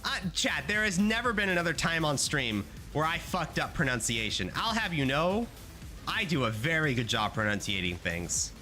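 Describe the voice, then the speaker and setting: A man's voice: fairly high pitch, sing-song, moderate pace, pushed and bright, soft background music. A young man streaming a video game, chatting casually to his audience in playful, rambling rants with lots of swearing. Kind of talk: casual gaming livestream chat.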